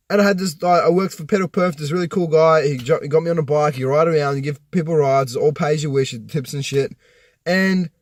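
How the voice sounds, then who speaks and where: A man's voice: a little high, dry recording, clean studio sound. A young man vlogging from a parked car, telling a rambling, profane story full of restarts. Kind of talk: casual personal rant.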